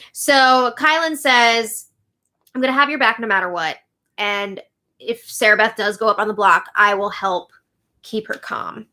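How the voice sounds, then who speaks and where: A young woman hosting a casual recap, chatty and quick to retell what others said. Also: on the high side, bright, forceful tone. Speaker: show update host. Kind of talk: casual recap of a reality show.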